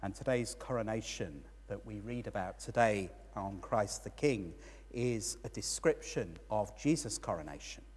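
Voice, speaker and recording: A man preaches a sermon with a husky, slightly breathy voice, his words trailing into a long church reverb. He tells his story with rising and falling emphasis, pressing hard on key words and then dropping low and quiet. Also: expressive, unhurried. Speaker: priest.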